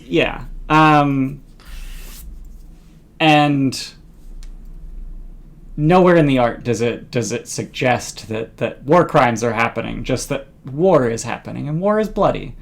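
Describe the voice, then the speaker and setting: Slow, halting game master. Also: female voice, a bass voice, darkish tone. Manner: halting, with many fillers and restarts. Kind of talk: narrating a tabletop game.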